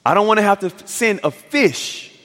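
Male pastor, high voice, storytelling sermon with emphatic climaxes, recorded in a reverberant church. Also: expressive, normal speed, a bit bright. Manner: storytelling preacher, acts out dialogue, builds to emphatic climaxes. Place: church sanctuary.

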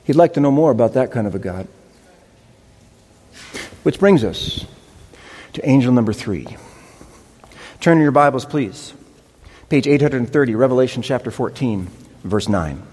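A man's voice: mid-range voice, animated, moderate pace, long pauses, a little mellow, husky. A man preaching a sermon as pastor, in a conversational, wry manner. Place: church sanctuary. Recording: reverberant hall.

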